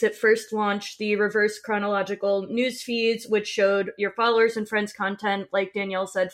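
A woman co-host who explains her research in a casual, slightly wry chat. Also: medium pitch. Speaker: podcast co-host presenting research.

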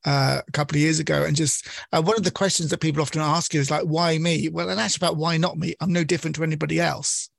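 A man hosting a faith radio interview, asking measured questions and affirming his guest. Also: a little high, fairly even intonation, creaky, fairly bright tone, no echo, studio quality. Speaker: radio host.

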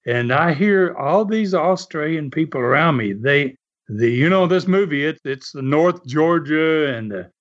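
A man's voice: fairly high pitch, lively intonation, a little slow. An older man from the American South with a Southern drawl, telling stories casually with chuckles and many "uh" fillers. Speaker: former wrestler telling stories. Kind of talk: casual storytelling. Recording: dull lo-fi audio.

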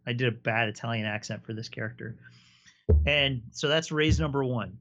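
An enthusiastic man in a casual podcast chat, explaining at length and spinning a story. His voice sits at an ordinary middle pitch. The recording is a bit dull and lo-fi. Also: a little fast, bright, forceful tone. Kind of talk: casual chat about tabletop games.

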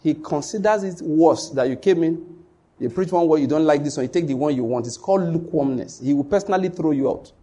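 A Nigerian man preaching in church, his voice husky and pitched a little high. He drives each point home by repeating it and speaks straight to the congregation. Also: fairly quick, mellow. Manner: emphatic, repetitive preaching that addresses the congregation directly. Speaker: pastor. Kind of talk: sermon.

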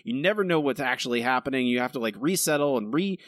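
A man's voice: mid-range voice, animated, fast talker, fairly bright tone, dry recording, clean studio sound. A man co-hosting a casual podcast, ranting about a comic book with exasperation and mocking quoted voices. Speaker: podcast co-host reviewing comics. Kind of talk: casual chat.

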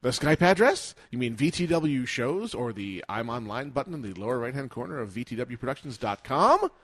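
A man's voice: medium pitch, sing-song, a little fast. A man co-hosting a casual podcast, reading listener mail aloud and teasing in a playful, joking way. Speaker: podcast co-host.

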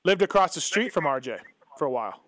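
Male podcast host, slightly high voice, laid-back and chatty, dry sound. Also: lively intonation, fast, fairly bright tone, no echo. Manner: easygoing, asks questions, frequent "yeah". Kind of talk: casual chat.

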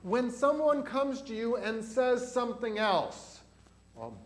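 A man's voice: extremely high pitch, animated, slow, a little hiss or hum. A man pastor giving a catechism lesson in a church to children and adults, asking them questions as he goes. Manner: asks the children questions as he teaches.

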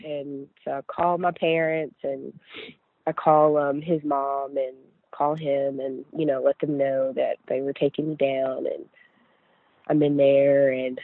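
A woman's voice: rumbling low, little pitch movement, measured pace, dry recording. Brief: young woman from West Virginia, casual storyteller, chatty and earnest, dry phone-like sound. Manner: chatty, full of "like" and "you know", earnest. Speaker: guest sharing her story. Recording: tinny phone-like dry line.

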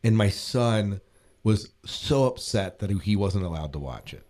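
A man's voice: fairly low pitch, lively intonation, unhurried, a little mellow, a little hiss or hum. A middle-aged man hosting a podcast, talking casually with frequent restarts. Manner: rambling, hesitant, many restarts and laughs. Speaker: podcast host.

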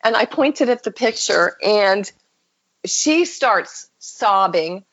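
Brief: woman guest, husky voice, emotional storyteller who acts out quotes, dull lo-fi audio. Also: mid-range voice, lively intonation, slow, fairly bright tone. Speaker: podcast guest.

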